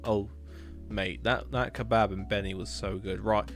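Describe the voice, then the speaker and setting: Streamer, young man, Hampshire accent, gravelly voice, chatty and rambling, faint music behind. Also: lowish voice, steady tone, a little slow. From England. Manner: chatty, rambling, repeats words. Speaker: streamer reviewing builds. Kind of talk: casual live-stream commentary.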